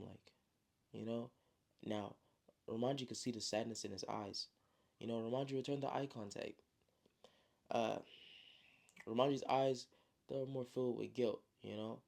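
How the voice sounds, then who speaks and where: A man retelling his own novel like a friend telling a story, slangy and relaxed with constant fillers. His voice is gravelly, dark and mid-pitched. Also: normal speed, pauses often. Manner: slangy, relaxed, many "you know" fillers. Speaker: storyteller and author.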